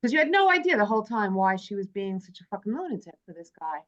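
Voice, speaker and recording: A woman's voice: mid-range voice, very animated, fast talker, a bit bright. A woman hosting a casual movie club chat, reading from her notes and joking with friends. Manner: chatty, jokey, reads from prepared notes. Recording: dull lo-fi sound.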